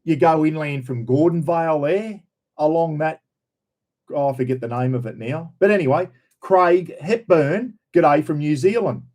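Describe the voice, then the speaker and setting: A man's voice: a little high, normal speed, darkish tone. A man with an Australian accent, hosting a casual live chat about camping and greeting viewers in a rambling, folksy way. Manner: rambling, folksy, says "mate" and "bloody" a lot. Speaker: camping channel host.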